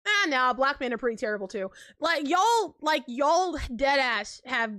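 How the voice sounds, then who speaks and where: Young girl streaming, high voice, super animated and slangy, laughs a lot, dry close sound. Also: normal speed, dry recording. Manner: animated, slangy, laughs often between lines. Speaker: live streamer. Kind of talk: casual live-stream chat.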